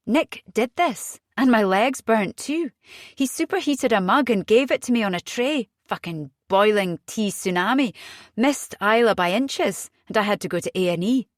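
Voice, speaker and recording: A woman reading an audiobook voices an agitated young mother, fierce and frightened, her voice jumping high when upset. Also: expressive, normal speed, no echo, clean studio sound, close to an everyday voice.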